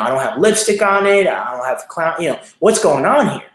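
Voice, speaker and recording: A man's voice: fairly high pitch, sing-song, moderate pace, few pauses, reverberant. A young man hosting a show, telling a motivational personal story in an earnest, repetitive way with many fillers. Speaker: show host, speaker.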